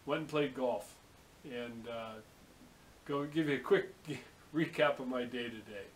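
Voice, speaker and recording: A man's voice: mid-range voice, measured pace, a little hiss or hum, low-quality recording. A man from the San Francisco Bay Area, talking casually inside a vehicle, rambling, cursing and telling stories with quoted dialogue. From San Francisco Bay Area, USA. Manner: chatty, swearing, storytelling with quoted dialogue. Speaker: vlogger.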